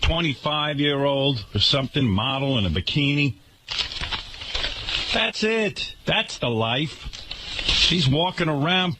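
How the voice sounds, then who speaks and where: A man's voice: fairly high pitch, lively intonation, slow pace, long pauses, background noise. A man hosting a radio talk show, delivering an indignant, sarcastic rant to his listeners.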